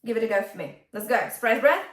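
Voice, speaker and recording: A woman's voice: fairly high pitch, expressive, fast, echoey room, distant mic. A woman vocal coach teaching a singing lesson, encouraging her students and breaking into sung examples.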